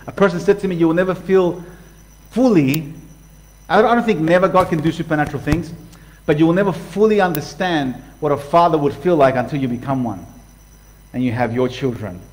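A middle-aged man delivers a conversational sermon. His voice sits a bit high for a man, and he reads scripture aloud with energy, stopping to talk straight to the congregation. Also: brisk, poor audio. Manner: animated, conversational preaching with reading aloud of scripture. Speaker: preacher.

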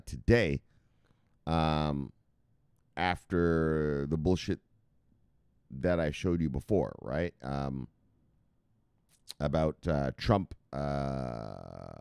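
A man hosting a casual livestream. He swears a lot, jumps into loud bursts and keeps repeating the same catchphrases. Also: deep voice, smooth, dry recording, clean studio sound. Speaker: livestream host.

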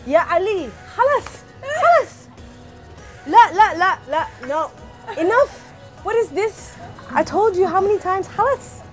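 A woman putting on a strict Arab elder telling someone off, loud and exasperated, with Arabic words. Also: extremely high pitch, expressive, brisk, faint music behind, voice pushed up.

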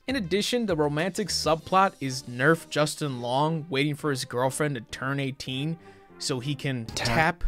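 A young man doing a crude, sarcastic comedic movie review voice-over, jumping into loud mock outbursts. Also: a little high, measured pace, faint music behind.

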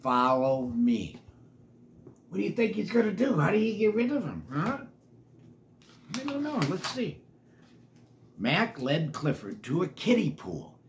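A man's voice: high voice, big pitch swings, normal speed, vocal fry, pauses often, a little hiss or hum. An older man reading a picture book to children, chatting and asking them questions between pages. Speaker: storyteller.

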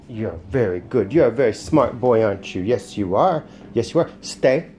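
A man who sits and trains dogs, explaining casually at home. He alternates soft, soothing praise with short, firm commands. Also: medium pitch, lively intonation, moderate pace, a little hiss or hum. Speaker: dog sitter and trainer. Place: indoors at home.

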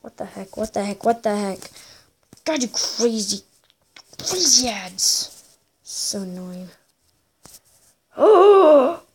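A woman giving excitable gameplay commentary as a gaming YouTuber, full of gasps, exclamations and playful sing-song bits. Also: medium pitch, slow pace, long pauses, breathy edge.

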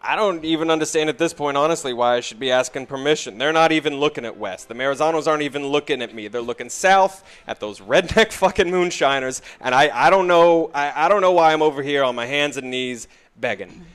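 A man's voice: a little high, brisk, hardly any pauses, fairly bright tone, smooth, voice pushed up, close to an everyday voice. A man voicing a frustrated, aging racetrack owner who rambles and pleads in exasperation. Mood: exasperated.

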